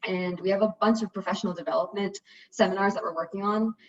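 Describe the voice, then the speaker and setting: A young woman who leads a student group presents on a video call, chatting away with lots of fillers and dropping her voice softer at times. Her medium-pitched voice stays fairly even and moves fast. She sits far from the mic, so the lo-fi audio sounds dull and off-mic.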